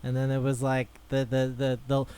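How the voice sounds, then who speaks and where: A man's voice: medium pitch, completely flat delivery, normal speed, mellow, clean tone, no echo. Rambling, laughing podcast host man. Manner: rambling, swears freely, laughs often. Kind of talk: casual chat.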